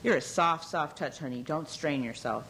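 A woman doing a gentle, teasing male friend. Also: low-pitched, moderate pace, slight background noise, low-quality recording. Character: gentle, high-strung man, dry teasing friend.

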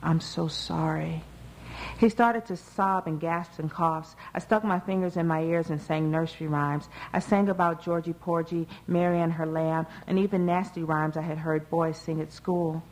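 A woman reading a first-person novel aloud in a measured, even way. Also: deep voice, rough recording. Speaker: audiobook narrator. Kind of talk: first-person literary narration.

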